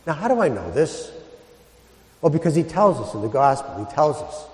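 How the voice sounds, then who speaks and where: A man's voice: a little high, sing-song, normal speed. Man preaching a homily in an echoey church. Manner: storytelling, rhetorical questions, soft dramatic drops. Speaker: priest.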